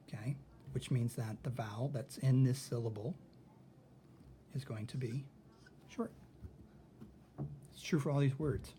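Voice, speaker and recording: Man, teacher, mellow voice, thinks out loud, faint noise behind. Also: mid-range voice. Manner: thinks out loud, checks in with okay. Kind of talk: recorded lesson.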